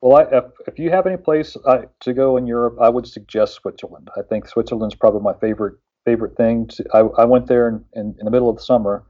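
A man's voice: medium pitch, quick pace, hardly any pauses, lo-fi sound. A man from West Virginia chatting casually on a radio show, rambling with lots of fillers and restarts.

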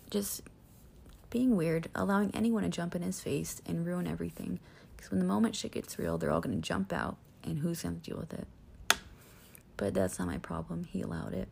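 A woman's voice: fairly low pitch, vocal fry, warm tone, slight background noise. A woman telling her own story in a rambling personal monologue, upset, swearing and restarting her sentences.

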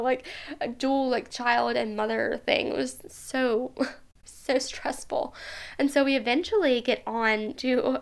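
A woman's voice: fairly high pitch, creaky. A young woman hosting a podcast, telling a personal story in a chatty way, with many fillers and frequent laughter. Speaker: podcast host. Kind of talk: casual storytelling monologue.

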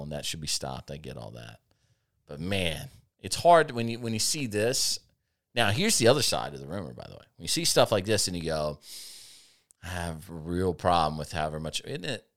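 Sardonic anecdotes about an old job fill this male podcast host's casual talk show, punctuated by frequent laughter. He has a low voice with a slightly bright quality.

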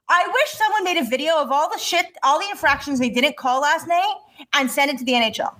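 High-voiced woman ranting about hockey. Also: quick pace. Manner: animated, ranting, swears, laughs often. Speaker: podcast co-host. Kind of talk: casual chat.

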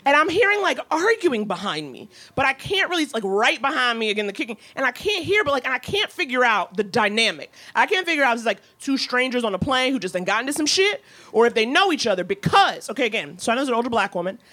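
A woman co-hosting a comedy podcast, telling a story in a sassy, animated way with laughing asides. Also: fairly high pitch, fast talker. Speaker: podcast co-host.

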